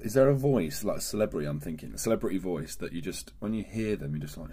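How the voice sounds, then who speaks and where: A man's voice: low voice, animated, fast talker, dark tone, slight background noise. Hungover guy from bedfordshire, dry teasing chat, loose and casual. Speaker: co-host.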